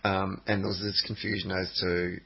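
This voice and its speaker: A man co-hosting a football podcast in casual chat, excitable and bantering, laughing often, on dull lo-fi audio. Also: low-pitched, normal speed, gravelly, breathy edge. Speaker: podcast co-host.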